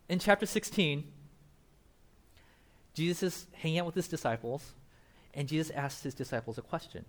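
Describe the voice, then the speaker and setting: A young man preaching a casual sermon as pastor, animated, acting out Bible characters and laughing often. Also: fairly high pitch, measured pace, long pauses.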